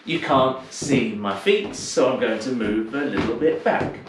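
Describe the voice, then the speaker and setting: A man's voice: medium pitch, expressive, normal speed, hardly any pauses. Man, dance teacher, counting steps aloud, slightly out of breath, far from the mic, echoey room, background noise. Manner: counts steps aloud in rhythm, chatty explanations between. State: a little out of breath. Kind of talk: teaching a live online dance class.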